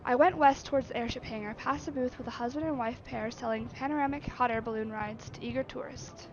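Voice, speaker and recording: A woman streamer reads a text adventure aloud in a high voice, adding musing asides. Her narration is expressive. A faint hiss sits under a slightly dull, lo-fi recording. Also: a little fast. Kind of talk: reading a text game aloud.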